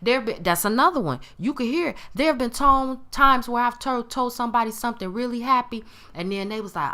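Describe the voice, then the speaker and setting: A woman's voice: fairly high pitch, expressive, fairly quick, hardly any pauses, sharp tone. A woman giving a motivational talk to camera, emphatic and given to acting out other people's tones. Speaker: motivational speaker.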